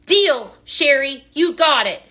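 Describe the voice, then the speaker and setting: A woman hosts a live sales stream, her voice bright and forward with a slightly high pitch. She rambles cheerfully through product details, full of fillers and asides. She keeps breaking off to greet and answer viewers by name. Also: lively intonation, takes it slowly. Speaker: host of a live product sale. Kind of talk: chatty live-stream selling.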